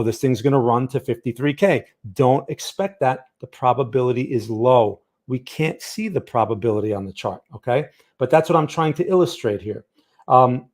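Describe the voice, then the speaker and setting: A man's voice: a little high, darkish tone. A man teaching a casual live chart lesson as a stream host, conversational and often checking in with his viewers. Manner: conversational, keeps checking in with "okay?" and "right?". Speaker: trading educator and livestream host.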